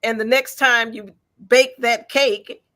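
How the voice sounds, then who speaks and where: Speaking slowly in a slightly high voice, a featured artist answers an interviewer's questions. She's lively and encouraging, and she uses everyday examples to make her points.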